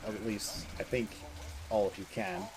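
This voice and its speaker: A man's voice: on the low side, level tone, a little slow, a little hiss or hum. A Dutch man streaming a video game, chatting casually with his viewers and laughing often. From Netherlands. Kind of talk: casual live-stream chat while playing. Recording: game music behind.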